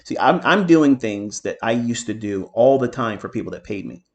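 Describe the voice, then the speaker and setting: A man's voice: mid-range voice, animated, moderate pace. A middle-aged man giving a trading lesson, blunt and profane, with boastful, heated asides. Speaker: trading mentor. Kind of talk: market commentary lesson.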